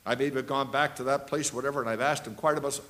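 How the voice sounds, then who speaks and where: A man around seventy preaching a sermon, telling anecdotes and repeating key phrases, swinging between loud and hushed delivery. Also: mid-range voice, fairly even intonation, fast.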